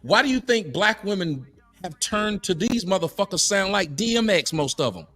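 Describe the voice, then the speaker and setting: A middle-aged man hosting a podcast, arguing in a preachy, mocking, animated way. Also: high voice, normal speed, soft background music. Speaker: podcast host. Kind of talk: heated casual debate. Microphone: studio mic.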